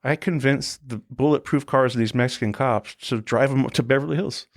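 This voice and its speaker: A man working in celebrity security, telling profane, animated stories as a podcast guest and acting out the people in them. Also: mid-range voice, brisk. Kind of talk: casual anecdotal storytelling.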